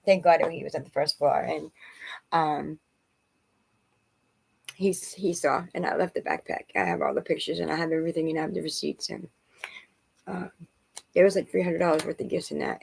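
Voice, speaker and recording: A woman's voice: low voice, moderate pace, creaky, pauses often, husky, low-quality recording. A woman who is a mother, rambling and agitated as she tells a personal story in a vlog. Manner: rambling and agitated, quoting others.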